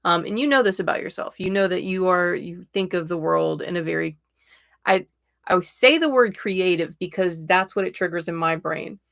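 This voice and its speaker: A young adult woman hosting a casual livestream tarot reading, chatty and excitable, laughing often. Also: fairly low pitch, moderate pace, creaky, no echo, studio quality. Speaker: tarot reader and livestream host.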